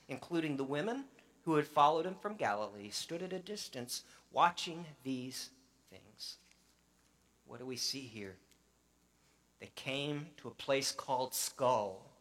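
Male pastor, sermon, earnest scripture reading, casual asides, bright tense voice. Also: medium pitch.

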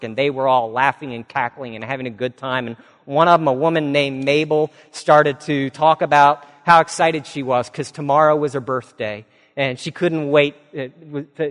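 A pastor preaches, his fairly high voice ringing through a church with a long, hanging reverb. He tells his story with energy, putting on voices for the people in it, then sinks low and hushed for the serious moments. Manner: animated storyteller, acts out quoted voices, drops low and soft for solemn points. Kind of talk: sermon storytelling.

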